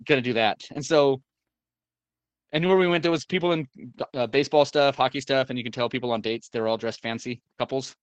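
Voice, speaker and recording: A man's voice: medium pitch, fairly even intonation, fairly quick, smooth, no room sound. A man telling a long story in casual chat, rambling with many fillers and restarts and the odd swear word.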